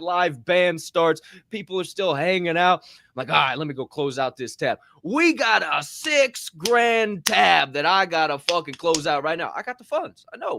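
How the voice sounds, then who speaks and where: A man co-hosts a live podcast from a hotel room and spins a rowdy, profane story. He acts out every quote, and his fairly high voice sounds dry and close. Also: a bit bright, dry recording. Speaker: podcast co-host.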